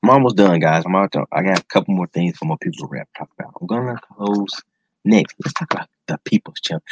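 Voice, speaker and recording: A man's voice: on the low side, animated, moderate pace, husky, no room sound. A man hosting a casual solo podcast, talking in an enthusiastic, slangy way and repeating words for emphasis. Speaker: podcast host. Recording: dull lo-fi sound, dry close mic.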